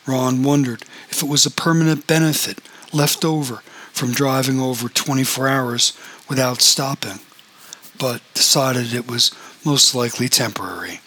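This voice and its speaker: A man reading an audiobook in a steady, even storytelling voice. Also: mid-range voice, normal speed. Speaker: audiobook narrator.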